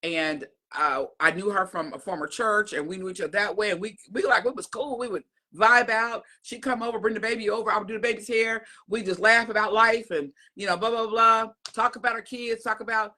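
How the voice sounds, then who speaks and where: A woman's voice: mid-range voice, brisk, hardly any pauses, pushed and bright. A middle-aged woman vlogger talking casually to her viewers, a chatty storyteller who often repeats herself and uses folksy phrasing. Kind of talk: casual chat to camera.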